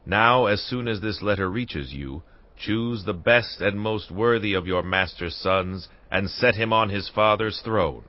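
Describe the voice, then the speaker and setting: A man's voice: fairly low pitch, unhurried, close to an everyday voice. An actor playing a ruthless, zealous king who issues harsh orders, in a dramatized scripture reading. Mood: stern. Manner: forceful, issuing orders. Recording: dull lo-fi with music beneath.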